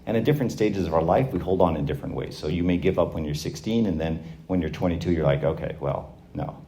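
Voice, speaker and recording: A man in his forties with a low, mellow voice gives a casual faith talk to young people. He speaks conversationally, breaks into little acted-out voices for the people he quotes, and often restarts his sentences with fillers. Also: quick pace.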